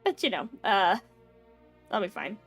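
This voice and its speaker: A woman's voice: medium pitch, sing-song, measured pace, slightly rough, soft background music. A young adult woman chatting casually on a live stream, rambling with lots of fillers and giggles. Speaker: VTuber streamer.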